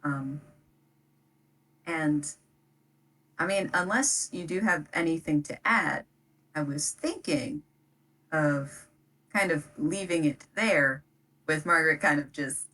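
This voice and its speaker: Woman gm narrating slow, kinda hesitant, lots of ums, sounds far from the mic. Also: sits low, fairly bright tone. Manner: loose, hesitant narration full of "um" and "kind of". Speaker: game master. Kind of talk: narrating a tabletop game.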